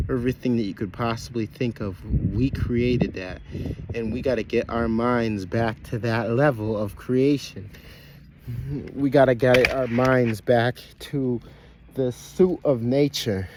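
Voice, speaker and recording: A man holds forth in a loose, preachy monologue, circling back on his own phrases and often breaking off mid-thought. His voice sits in an ordinary middle register, and he keeps addressing listeners as brothers and sisters. A faint hiss runs under the recording. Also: mid-range voice. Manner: rambling, repeats phrases, self-interrupts. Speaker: online speaker addressing followers.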